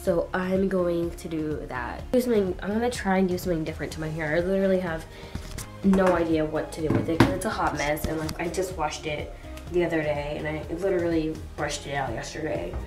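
A woman's voice: low-pitched, brisk, music in the background. A teenage girl chatting casually in a vlog, rambling with lots of fillers, filmed on a small handheld camera. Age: teens. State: crying. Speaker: vlogger. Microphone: handheld compact camera.

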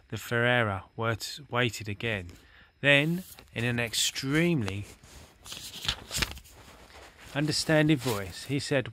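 A man's voice: medium pitch, a little slow, sharp tone. A man reading a storybook aloud in a casual manner, with fillers and small slips. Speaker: reader.

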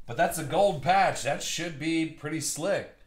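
A young man hosting a live trading card break, excitedly calling out cards and buyers in slangy chat. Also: fairly high pitch, measured pace. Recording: roomy echo.

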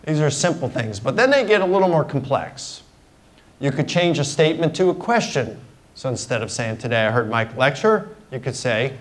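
A man's voice: fairly high pitch, animated, moderate pace, poor audio. Middle-aged guy guest lecturing students, chatty, walks through examples one by one. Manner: conversational, explains with examples. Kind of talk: university lecture. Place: lecture hall.

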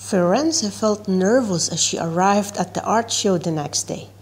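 Woman reading a kids' book aloud: gentle, husky, very slow. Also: medium pitch. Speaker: children's book reader. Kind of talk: storybook read-aloud.

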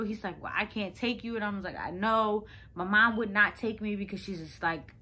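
Young woman, casual vlog chat, rambling with fillers, bright clear voice. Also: mid-range voice. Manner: chatty, rambling, lots of "like" fillers. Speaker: vlogger. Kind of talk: casual storytelling to camera.

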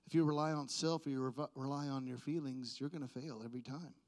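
A man preaching a sermon, swinging from quiet talk to loud, drawn-out proclaiming, with playful jokes to the congregation. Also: medium pitch, steady tone.

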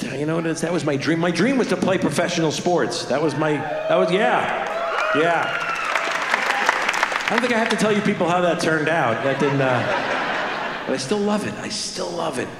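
A male comedian doing self-deprecating stand-up on stage, halting and restarting his sentences. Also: fairly high pitch, animated, very noisy. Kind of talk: stand-up storytelling. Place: large comedy venue on stage. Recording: echoey venue, loud crowd laughter.

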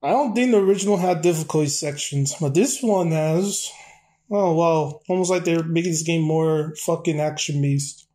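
A young man giving loud, profane, rowdy commentary while playing a game. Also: fairly high pitch, normal speed. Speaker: gameplay commentator. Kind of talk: crude gameplay commentary.

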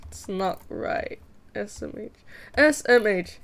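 A woman's voice: mid-range voice, lively intonation, takes it slowly, fairly bright tone. A young woman chatting casually with viewers while drawing on a live stream, playful, giggly and self-mocking. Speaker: streamer drawing fan art.

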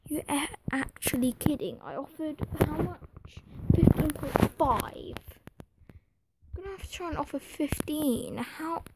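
A woman's voice: sits high, moderate pace, hardly any pauses, heavy background noise. A woman giving running commentary over a football management game, often exasperated and muttering to herself. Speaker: gaming video creator. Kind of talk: gameplay commentary.

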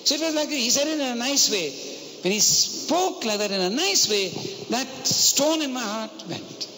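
Heard through long hall reverb and faint noise, a man with a very high, sharp voice and lively intonation preaches at normal speed. He tells a personal story in his sermon and asks the congregation rhetorical questions.

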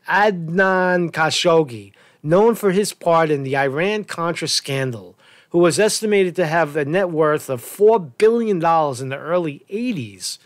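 A man's voice: on the high side, dry recording, studio quality. A man hosting his own news commentary show, reading reports aloud and breaking off into angry, swearing, sarcastic rants. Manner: reads news aloud then rants about it. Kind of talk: casual profane news rant.

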